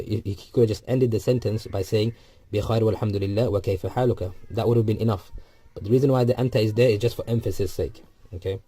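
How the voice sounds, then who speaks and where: Low mellow-voiced man teaching a lesson. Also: breathy edge, no echo. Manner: explains step by step, repeats phrases, frequent ums. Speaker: Arabic teacher. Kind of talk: recorded textbook lesson.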